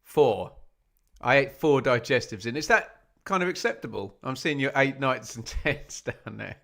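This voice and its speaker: A man's voice: mid-range voice, expressive, normal speed, creaky, pushed and bright. Chatty man hosting a football watch-along. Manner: chatty, reads out viewer locations, self-mocking. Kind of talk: casual live-stream chat.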